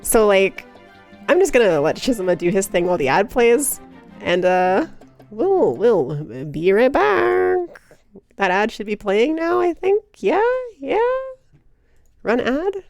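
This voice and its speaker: A woman's voice: mid-range voice, sing-song, slow, long pauses, a little mellow, faint music behind. A woman live-streaming in casual chat, playful and giggly, teasing her viewers and cooing baby talk at her cat. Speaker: livestreamer.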